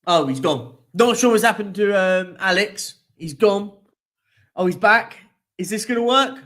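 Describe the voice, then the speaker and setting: Casual male streamer, high-pitched, loose and chatty, reads lists and greets viewers. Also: measured pace. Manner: chatty, reads out team lists and shout-outs. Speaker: streaming show host. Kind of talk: casual live-stream chat.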